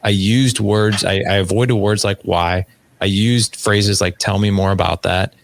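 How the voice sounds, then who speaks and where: A man in his forties talks as a guest on a podcast, with a low voice and plenty of vocal fry. He tells stories with energy and slips into the voices of the people in them. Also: unhurried. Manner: animated storyteller acting out dialogue. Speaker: podcast guest, fatherhood coach. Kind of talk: casual interview conversation.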